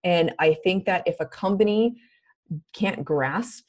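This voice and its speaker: A woman's voice: lowish voice, unhurried. A woman in her thirties, a podcast guest telling stories casually, laughing often and acting out other people's lines. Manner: animated, laughs often, acts out quoted voices. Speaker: podcast guest, recruiting firm founder. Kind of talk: casual interview storytelling.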